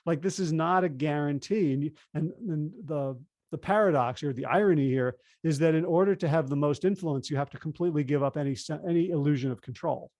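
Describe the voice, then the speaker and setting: A man's voice: a little high, a little fast, a little mellow, no room sound, clean studio sound. A man speaking as an interview guest and author, explaining ideas animatedly and acting out quoted dialogue in a conversational way.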